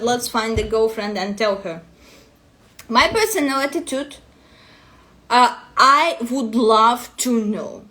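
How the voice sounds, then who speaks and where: A woman's voice: sits high, fairly bright tone. A woman coach with a non-native English accent, ranting bluntly and profanely to her vlog audience. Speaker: destiny matrix coach.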